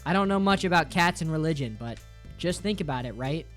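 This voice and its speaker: A man's voice: on the high side, expressive, fairly quick, a bit bright. A man streaming a game, reading chat aloud and answering with crude, playful jokes. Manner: crude, profane, joking, reads chat aloud; mock-dramatic, playful teasing. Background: faint game music.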